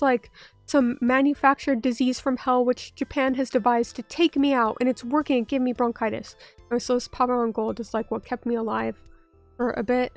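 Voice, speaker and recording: A young woman with a high voice that bronchitis has made hoarse, chatting loosely on a live stream. She trips over her words, swears freely and answers her chat. Faint music plays under a close, dry microphone. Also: a little mellow, no echo. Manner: rambling, self-interrupting, swears, talks back to chat. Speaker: VTuber streamer.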